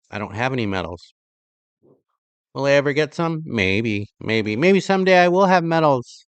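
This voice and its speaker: Rambling sarcastic middle-aged vlog host. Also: male voice, fairly high pitch, smooth, no echo. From California. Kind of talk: casual commentary reacting to clips.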